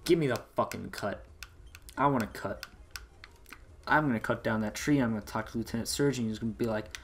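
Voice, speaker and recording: Profane, excitable man narrating gameplay. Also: medium pitch, fast, pauses often, a little hiss or hum. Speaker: let's play gamer. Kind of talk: casual gaming commentary.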